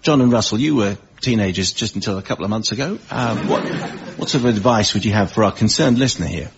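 A man hosting a comedy panel show, announcing scores and asking questions in a brisk, wry way. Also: lowish voice, expressive. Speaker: quiz host. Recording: muffled with background noise.

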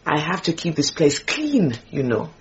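An indignant housemaid, swooping pitch, dull lo-fi radio sound. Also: female voice, big pitch swings, moderate pace. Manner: dramatic, wailing complaints. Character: indignant, possessive housemaid, middle-aged woman. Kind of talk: radio drama acting.

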